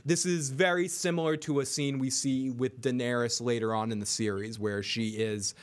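A man's voice: medium pitch, fairly even intonation, normal speed. A man hosting a casual TV recap chat, swearing freely, reading chat aloud and acting out scenes. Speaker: podcast host.

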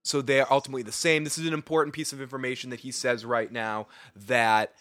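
A man's voice: medium pitch, little pitch movement, quick pace, a bit bright, no room sound. A young man from Boston with a Boston accent, hosting a casual live recap chat, rambling and swearing freely with frequent laughs. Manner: profane, rambling, laughs often. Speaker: livestream show host.

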